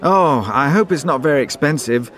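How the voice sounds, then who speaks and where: Man in scripted textbook dialogue, lively pitch. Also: normal speed, a faint crowd. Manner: polite, helpful and informative. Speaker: shop assistant and reporter in textbook dialogues.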